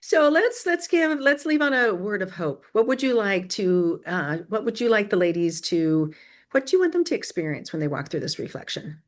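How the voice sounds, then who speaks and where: A woman hosting a casual talk show who is losing her voice, encouraging and quick to laugh. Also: mid-range voice, big pitch swings. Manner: warm, encouraging, laughs often. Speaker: podcast host. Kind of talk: casual chat.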